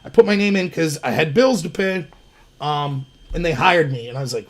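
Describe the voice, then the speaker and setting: A man's voice: on the high side, normal speed. A man from Pennsylvania hosting his own livestream, telling stories in a casual, digressive way. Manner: storytelling, chatty, digressive. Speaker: livestream host.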